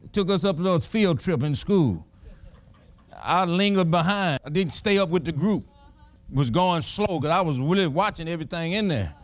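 High-voiced folksy preacher man. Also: lively intonation, normal speed, no echo. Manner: folksy, emphatic storytelling preacher; chuckles through personal stories. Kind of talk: sermon.

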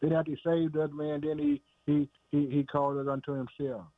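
A man's voice: fairly high pitch, flat delivery, fairly quick, no room sound. Emphatic preaching man on a phone-like line. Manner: repetitive, emphatic, calls listeners "man" and "boy". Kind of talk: sermon. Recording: dry, phone-like narrow sound.

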